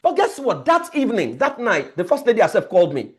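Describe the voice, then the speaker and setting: A man's voice: high-pitched, huge pitch swings, a little fast. A man, a family life coach giving an emphatic motivational training lecture, repeating key words as he tells stories.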